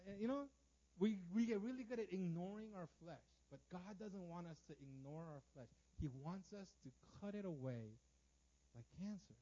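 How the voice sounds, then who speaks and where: A man's voice: a little high, dark tone, dull audio. A man preaching a sermon in a casual, conversational way, often repeating words and checking in with "right?". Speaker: pastor.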